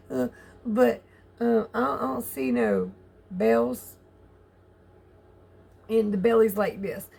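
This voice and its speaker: An older woman with a Southern US accent talks straight to her viewers in a loose, rambling vlog. Her fairly high voice has a gravelly, husky edge. She is candid and chatty, laughs easily and drops a casual curse now and then. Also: very slow, long pauses, darkish tone. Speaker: vlogger.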